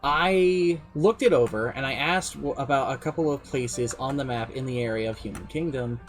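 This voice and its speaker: A man's voice: mid-range voice, moderate pace, soft background music. A man streaming, casually recounting his tabletop campaign as game master in a rambling, self-deprecating way.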